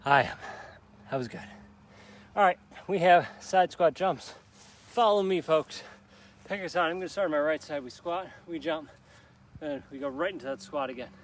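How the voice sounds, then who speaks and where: A fairly high-voiced man leads a workout outdoors in a park, upbeat and pushing listeners on with countdowns. He is out of breath and sweating as he talks, with faint traffic behind him. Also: normal speed. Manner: upbeat, urging viewers on with countdowns. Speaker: fitness instructor. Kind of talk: live workout coaching.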